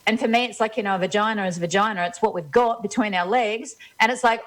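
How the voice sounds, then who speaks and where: A woman's voice: mid-range voice, brisk, few pauses, rough recording. Earnest, emphatic woman talk-show co-host. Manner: earnest, emphatic, prone to restarts. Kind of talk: casual chat.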